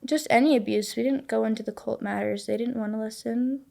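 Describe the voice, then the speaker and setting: Creaky-voiced young woman sharing her story. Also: fairly high pitch, steady tone, dark tone. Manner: halting, emotional, quotes others in her story. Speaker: guest. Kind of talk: personal testimony in a podcast interview.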